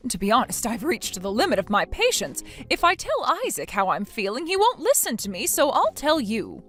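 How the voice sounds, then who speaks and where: A woman's voice: on the high side, wildly swooping pitch, normal speed, fairly bright tone, faint music behind. A woman voicing an indignant mother-in-law who scolds her daughter-in-law with accusing, rising outbursts, reading a text message story. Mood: scolding.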